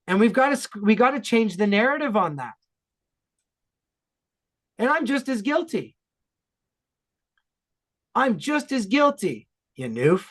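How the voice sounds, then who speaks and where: Energetic Ontario-accented man chatting. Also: sits high. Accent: Ontario Canadian. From Ontario, Canada. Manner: energetic, emphatic, fast bursts. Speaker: podcast regular. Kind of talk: casual podcast chat.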